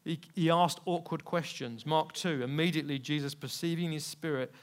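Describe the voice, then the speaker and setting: A man preaching a sermon, telling personal stories candidly and swinging between quiet asides and loud, emphatic peaks. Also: fairly high pitch, normal speed. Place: church service.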